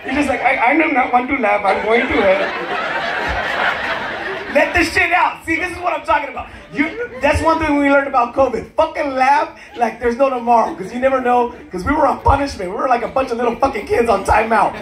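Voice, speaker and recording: Brash high-voiced comedian doing crowd work. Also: male voice, fast talker, few pauses. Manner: brash, profane, teasing the audience, laughing often. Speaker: stand-up comedian. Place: cruise ship comedy club. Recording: echoey room, loud crowd laughter. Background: audience laughter.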